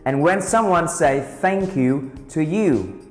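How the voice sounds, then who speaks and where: A man teaching beginner English, speaking slowly and carefully and repeating each phrase for drilling. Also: fairly high pitch, animated. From Vietnam. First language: Vietnamese. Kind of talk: beginner language lesson. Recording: roomy reverberant sound with soft guitar music.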